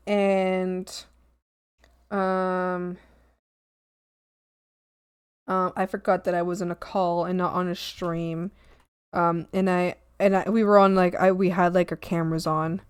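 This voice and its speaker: A young woman streaming from home, chatting casually with lots of ums, giggles and sudden excited squeals. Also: clean tone, no room sound, studio quality. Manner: bursts into high squeals and shouts when excited. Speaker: art streamer. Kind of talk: casual chat while reading chat. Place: home room. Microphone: desk mic at a streaming setup.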